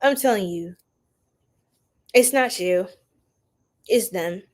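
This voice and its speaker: A young adult woman hosting a tarot reading livestream, chatting casually with viewers in an animated, slangy way and laughing often. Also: mid-range voice, slow pace. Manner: animated, laughing, preachy slang-filled asides. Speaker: tarot reader livestream host.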